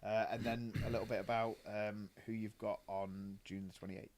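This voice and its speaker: A man's voice: on the low side, level tone, moderate pace, darkish tone. A man hosting a podcast in casual chat, teasing and laughing often as he asks questions. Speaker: podcast host.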